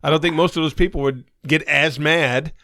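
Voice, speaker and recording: A man's voice: a little high, fairly even intonation, normal speed, bright, forceful tone, no echo, studio quality. A man with a Cincinnati accent co-hosting a podcast in casual chat, blunt and provocative. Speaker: podcast co-host.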